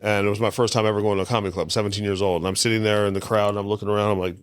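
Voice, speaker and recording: Deep-voiced man with dry close sound. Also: level tone, racing, smooth, no room sound. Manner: rambling, laughs between stories. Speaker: guest comedian. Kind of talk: casual interview storytelling.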